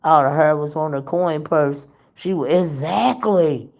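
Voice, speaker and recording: Gravelly-voiced woman gossiping animatedly. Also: sits low. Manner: animated, laughing, drawn-out exclamations. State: voice worn from illness. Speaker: livestream host reading chat. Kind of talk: casual gossip chat.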